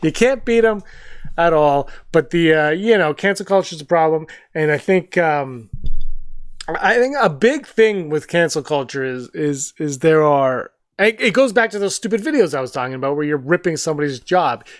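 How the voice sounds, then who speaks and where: A man co-hosting a podcast in casual chat, telling rambling stories with quick asides. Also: on the high side, animated, no room sound, studio quality. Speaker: podcast co-host.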